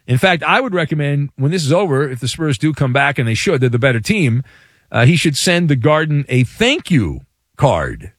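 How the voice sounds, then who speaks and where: A man hosting a sports talk radio show, delivering a playful, hyperbolic monologue with dramatic pauses. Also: a little high, sing-song, fairly bright tone, no room sound, studio quality.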